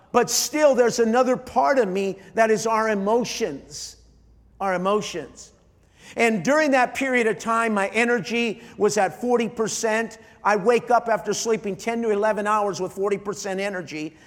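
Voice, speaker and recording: A middle-aged man, a pastor, preaching an emotional sermon, often halting and repeating his starts. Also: high voice, fairly bright tone, long reverb tail. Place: large church hall.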